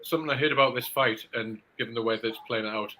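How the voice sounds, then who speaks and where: A man with a bright, forceful voice who talks fast. He teases and argues back good-naturedly while chatting over the fights. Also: mid-range voice, a little hiss or hum, low-quality recording. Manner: teasing, quick to push back. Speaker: co-host. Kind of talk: casual chat.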